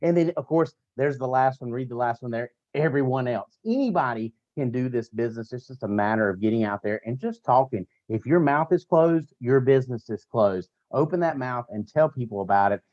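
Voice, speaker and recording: A man giving an energetic motivational training talk to his sales team, full of repeated slogans and direct coaching. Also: mid-range voice, fairly quick, few pauses, lo-fi sound. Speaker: network marketing team trainer.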